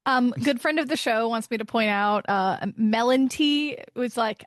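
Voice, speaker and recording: A woman's voice: on the high side, a little slow, hardly any pauses, no echo, studio quality. A woman joking and teasing in a casual podcast chat. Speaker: podcast guest.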